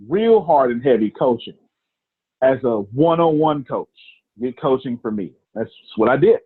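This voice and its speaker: Man, business coach, husky voice, phone-quality line, punchy repeats. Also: medium pitch, moderate pace, no echo. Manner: animated storytelling, repeats phrases for emphasis. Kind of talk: casual coaching talk.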